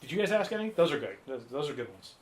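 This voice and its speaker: Talking at a racing clip with big swings in his medium-pitched voice, a podcast co-host rambles casually during a live stream, mocking himself as he fills time.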